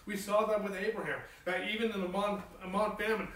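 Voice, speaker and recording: High, bright-voiced preacher man in a roomy hall. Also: steady tone, fast, recorded from a distance. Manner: rising to emphatic peaks, then dropping low and soft; repeats phrases, asks the congregation "okay?". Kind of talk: sermon.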